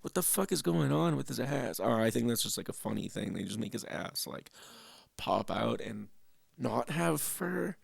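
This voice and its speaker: Gravelly young man rambling casually. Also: mid-range voice, a little mellow, no room sound, clean studio sound. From Canada. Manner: rambling, profane, self-interrupting. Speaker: host. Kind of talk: casual reaction commentary.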